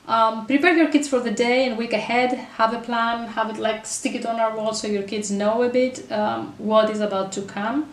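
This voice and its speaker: A woman giving parenting advice straight to her camera, earnest and chatty, breaking off for quick asides. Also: a little high, fairly even intonation. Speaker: parenting vlogger and mother. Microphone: camera mic. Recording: echoey room, voice a bit far from camera.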